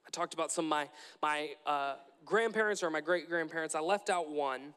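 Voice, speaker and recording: A man's voice: on the high side, fairly quick, a bit bright, smooth, big-room sound. A young man preaching a sermon in a church, earnest and repetitive, often restarting his phrases.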